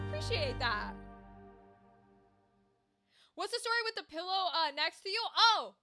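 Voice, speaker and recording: A woman's voice: very high-pitched, lively intonation, normal speed, over music. An American woman streamer chatting casually and animatedly on a livestream, reading out viewer comments and swearing freely.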